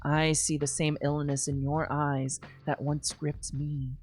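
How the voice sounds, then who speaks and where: A woman's voice: sits low, flat delivery, a little slow, darkish tone, pitched below the performer's own voice. A woman voicing a cold, commanding noblewoman. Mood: grave. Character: cold commanding noblewoman knight, stern and disdainful. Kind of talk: reading game dialogue aloud on stream.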